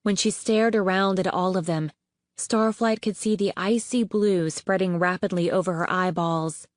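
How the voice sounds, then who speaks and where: A woman narrating an audiobook in a steady, even storytelling manner on a close studio mic. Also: lowish voice, normal speed, dry recording. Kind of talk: scripted narration.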